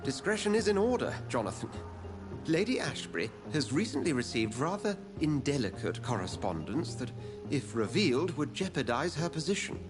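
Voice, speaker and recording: An actor playing a polite, genteel hospital director who speaks in a courtly way. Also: male voice, on the high side, normal speed. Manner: polite, courtly, animated speech. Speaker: game character. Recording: game audio with music behind.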